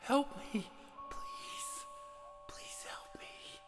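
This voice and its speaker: A man's voice: very high voice, drawn-out words, gravelly, heavy reverb, big-room sound, over music, voice pushed up, heavily acted. A man voicing the ghost of a very young child who is burning and begs for help. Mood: whispering. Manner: pleading, screaming, then faint whispers.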